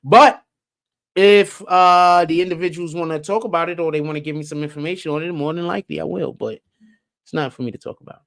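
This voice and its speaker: A live-stream host giving casual, profane commentary, piling up rhetorical questions and swinging between low mutters and excited high stretches. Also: a little fast, creaky, no echo, studio quality. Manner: rhetorical, keeps asking questions, profane slang.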